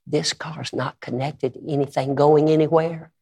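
A man preaching, voicing a calm and courteous male train conductor in a patient, low-key tone, in a large hall. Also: normal speed, close to an everyday voice. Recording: long reverb of a large hall.

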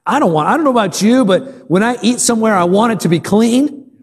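Pastor, male, high voice, emphatic call-and-response sermon, reverberant sanctuary. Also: brisk. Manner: repetitive, emphatic preaching. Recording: long hall reverb.

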